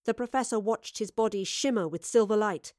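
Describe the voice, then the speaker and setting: A woman reading a story aloud as narrator, steady and expressive. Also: mid-range voice, a little fast, no echo, studio quality. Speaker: audiobook narrator. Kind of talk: scripted narration.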